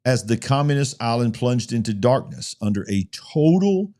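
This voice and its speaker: A man's voice: mid-range voice, sing-song, normal speed, mellow. A male host discussing news headlines, reading articles aloud with emphatic asides. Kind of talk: news commentary talk show.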